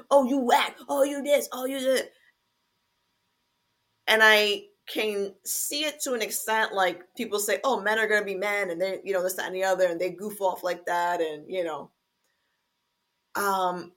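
A woman hosting a faith-based podcast, talking earnestly and deliberately to fathers, with some fillers and restarts. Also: mid-range voice, fairly bright tone. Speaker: podcast host.

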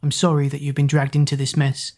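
A woman's voice: low voice, completely flat delivery, brisk, mellow. A weary doll-bound young man, as a woman narrator voices him.

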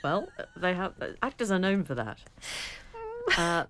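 A woman co-hosting a radio chat show, chatty and quick to laugh as she reads out listener emails. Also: on the low side, lively intonation, fairly bright tone, a little hiss or hum. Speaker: radio co-host.

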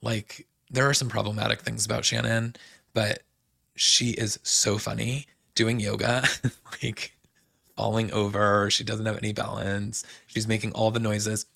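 Chatty man with a gravelly low voice. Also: flat delivery, measured pace, fairly bright tone, dry recording, clean studio sound. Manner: chatty, many "like"s and restarts. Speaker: podcast host. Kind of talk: casual recap chat.

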